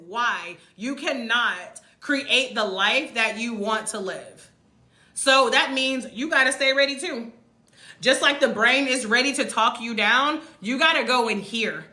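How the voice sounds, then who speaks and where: Woman vlogger, thirties, high bright voice, emphatic motivational live-stream, echoey room. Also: unhurried. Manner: emphatic, repeats lines, addresses viewers as y'all. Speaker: vlogger livestreaming to followers. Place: room in Mexico.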